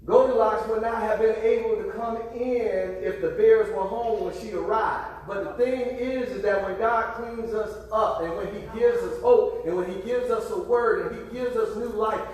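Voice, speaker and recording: A man's voice: high voice, steady tone, normal speed, few pauses, a little mellow. A man preaching a sermon to his congregation, often repeating words as he restarts, and calling out for responses. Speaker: pastor. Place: church sanctuary. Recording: echoey hall, far from the mic.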